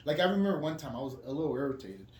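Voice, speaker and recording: A man's voice: fairly high pitch, big pitch swings, very fast. Profane, rambling man with a raised voice. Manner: profane, rambling, frequent restarts. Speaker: podcast guest. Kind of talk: casual candid chat. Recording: roomy echo with background noise.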